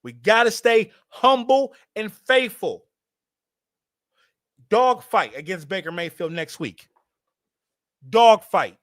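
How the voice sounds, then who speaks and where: A young man hosting a sports fan livestream, animated and hyped, talking straight to his chat. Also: high voice, takes it slowly, pauses often, no room sound, studio quality. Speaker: fan show host.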